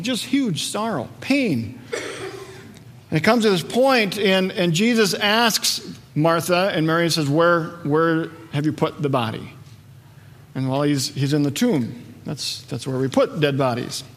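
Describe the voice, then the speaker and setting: Pastor preaching in an echoey hall. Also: male voice, a little high. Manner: lively storytelling, acts out voices. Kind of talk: sermon. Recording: long reverb of a large hall.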